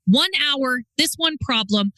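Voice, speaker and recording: A woman's voice: sits high, lively intonation, slow pace, pushed and bright, dry recording, rough recording. A woman in her forties hosting a solo podcast as a leadership coach, talking candidly and emphatically.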